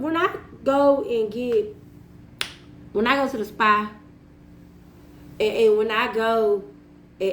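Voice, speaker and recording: Slow-talking woman in an echoey room. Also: a little high, a bit bright, slight background noise. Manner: earnest, repetitive phrasing, laughs at herself. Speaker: vlogger. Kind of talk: personal reflective monologue.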